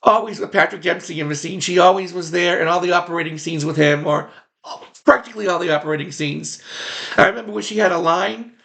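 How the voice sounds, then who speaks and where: A man's voice: high voice, fast talker, gravelly, fairly bright tone. A man who once worked as a background extra, casually recalling it in a rambling way and repeating phrases for emphasis. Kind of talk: casual personal reminiscence.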